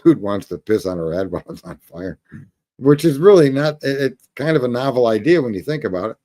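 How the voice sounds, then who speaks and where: A man's voice: mid-range voice, animated, fairly quick, mellow. A man hosting a call-in livestream, telling stories in a rambling, profane, casual way and laughing at his own jokes. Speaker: call-in show host.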